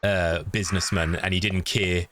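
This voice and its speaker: A man's voice: low-pitched, level tone, moderate pace, fairly bright tone, slight background noise. A man streaming a game from his room, chatting and greeting viewers by name. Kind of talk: livestream gameplay chat. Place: home room. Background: game music.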